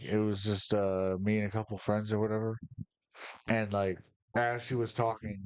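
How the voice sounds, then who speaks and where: On a casual podcast, this man from Michigan rambles through personal stories, profane and fired up as the host. His voice is on the low side, and there's no echo.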